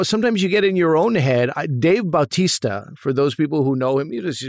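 A man's voice: on the high side, vocal fry, no room sound, studio quality. A man, an actor, telling stories from film sets in a casual interview, rambling with many restarts and asides. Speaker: actor guest.

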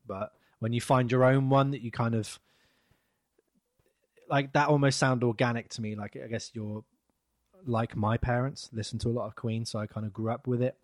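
A man's voice: medium pitch, fairly even intonation, normal speed, dry recording. Chatty man, dry close sound. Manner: rambling, chatty, trails off softly. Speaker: podcast co-host. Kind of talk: casual chat.

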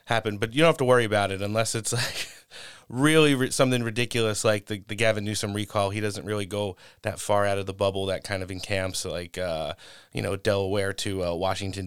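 Casual young man hosting, smooth dry voice. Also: deep voice, steady tone, fast, no room sound. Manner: casual, rambling, many fillers. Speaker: interview host. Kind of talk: political interview.

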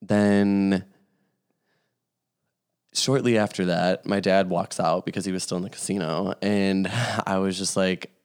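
A man's voice: low voice, steady tone, unhurried, smooth. A young man chatting casually as a guest, telling a personal story with lots of fillers and frequent laughter. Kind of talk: casual chat.

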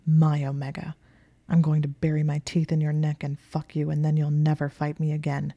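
A woman voicing a possessive, domineering young male wizard who speaks in a low, commanding growl. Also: completely flat delivery, normal speed, dark tone, no echo, lo-fi sound.

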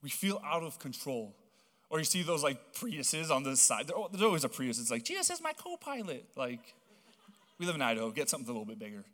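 A young man from Hawaii delivers a casual storytelling sermon at a middle pitch, rambling and animated with plenty of casual fillers. His voice carries the long reverb of a large church auditorium. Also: fast talker. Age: young adult. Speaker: young guest preacher.

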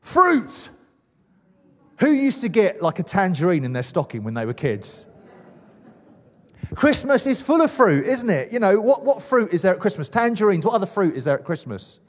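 A man's voice: high voice, sing-song, moderate pace, big-room sound. A man preaching a sermon with enthusiasm, asking the congregation questions. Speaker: pastor.

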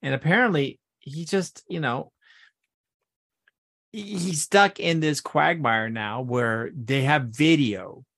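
A man co-hosting a podcast in casual chat, joking, swearing and bantering quickly. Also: a little high, fairly bright tone, dry recording, studio quality. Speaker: podcast co-host.

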